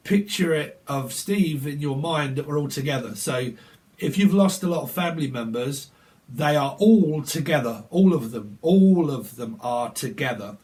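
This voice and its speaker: Rambling man giving a reading. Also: on the high side. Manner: rambling, laughs between lines. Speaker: tarot reader. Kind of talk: casual psychic reading.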